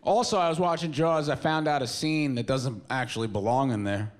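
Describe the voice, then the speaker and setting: A man's voice: mid-range voice, brisk. A man in his twenties doing a stand-up comedy set on a club stage, talking in a casual, rambling, self-mocking way into a handheld mic. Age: 20s.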